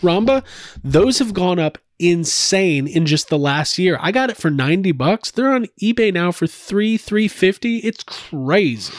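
A man's voice: high-pitched, animated, measured pace, dry recording, studio quality. A man hosting a casual podcast chat, rambling with frequent restarts and laughs. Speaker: podcast host.

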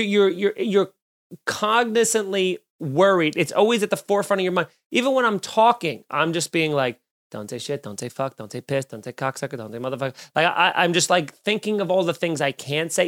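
A male comedian and podcast host telling a story in a casual monologue, animated and swearing, acting out the people he quotes. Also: fairly high pitch.

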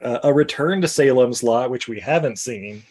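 Man, podcast co-host, casual chat, frequent laughs, joking asides, medium pitch. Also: moderate pace, a little mellow, breathy edge. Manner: laughs often, lists film titles with asides.

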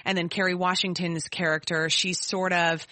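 Bright, bubbly woman podcast co-host. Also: fairly low pitch, flat delivery, moderate pace, no room sound. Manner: bubbly, enthusiastic, chatty. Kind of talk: casual chat.

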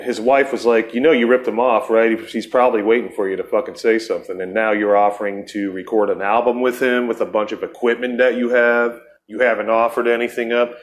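A middle-aged man tells a long, swearing story as a podcast host. His voice sits at an ordinary pitch for a man. He rambles, stops and starts, and throws in bits of other people's voices as he goes. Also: normal speed. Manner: profane, rambling, acts out quoted voices. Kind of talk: casual storytelling chat.

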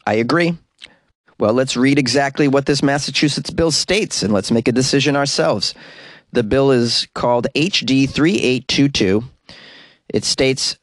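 A man's voice: medium pitch, no echo. A man hosting a news commentary show, reading stories aloud and breaking off into wry, sarcastic asides.

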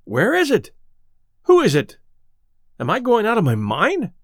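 A curt, irritable lawyer snaps his lines with a lively, rising pitch, voiced by a male narrator. The sound is close and dry. It suits a Victorian ghost story reading. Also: measured pace, dry recording, full character voice. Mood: brusque. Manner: brusque, sharp. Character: irritable middle-aged male lawyer, shaken.

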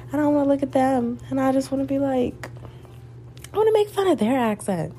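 A woman's voice: high-pitched, lively intonation, fairly quick, mellow, slight background noise. A young woman in her twenties with a Southern US accent, chatting alone in a candid, rambling way, swearing and laughing as she talks. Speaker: podcaster. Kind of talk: casual solo chat.

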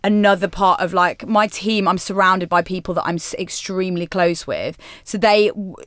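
A woman in her thirties, a presenter and DJ, talking candidly and with self-mockery in a relaxed podcast interview. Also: fairly low pitch, no echo, studio quality. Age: 30s. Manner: chatty, candid, self-mocking, quick asides. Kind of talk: casual interview chat.

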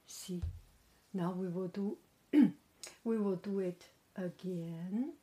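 Woman vlogger, unhurried delivery with a dark, mellow voice, casually testing a laptop microphone. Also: fairly low pitch, slightly rough. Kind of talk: casual demonstration. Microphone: small microphone plugged into a laptop.

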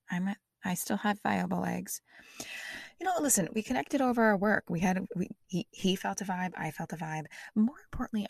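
A woman with a gravelly, husky voice, talking through a stand-up bit on her podcast. She rambles and restarts with a self-deprecating, chatty manner. Her voice sits a little low, and the sound is dry and close. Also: dry recording. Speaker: comedian and podcast host. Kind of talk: stand-up comedy trial on a podcast.

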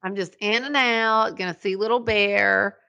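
Older woman co-host, sharp bright voice, chatty and quick to laugh. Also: medium pitch, steady tone, creaky, clear, resonant tone, highs cut off. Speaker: podcast co-host. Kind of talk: casual chat.

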